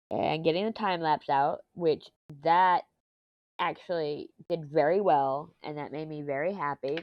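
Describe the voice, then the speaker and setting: Low-voiced woman rambling on, dull lapel sound. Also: a little mellow, no echo. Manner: rambling, self-deprecating, quick to laugh. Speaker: diamond painting vlogger. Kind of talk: casual rambling chat while crafting. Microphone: lapel mic clipped to t-shirt.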